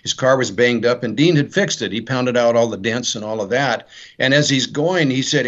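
A man's voice: medium pitch, normal speed, fairly bright tone. A male author in an interview, retelling his novel's plot in a rambling way and acting out the characters' lines. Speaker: author guest. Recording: dull lo-fi sound.

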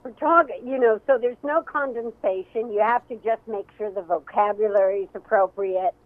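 Female author guest by phone, animated storyteller, tinny and dry. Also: fairly high pitch, moderate pace, no room sound. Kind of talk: radio interview.

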